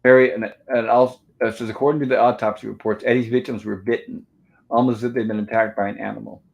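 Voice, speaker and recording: A man's voice: fairly low pitch, level tone, fast, vocal fry, a little mellow, highs cut off. A man hosting a live movie review, narrating the film scene by scene and reading out its lines. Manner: retells scenes step by step, reads lines aloud. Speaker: host.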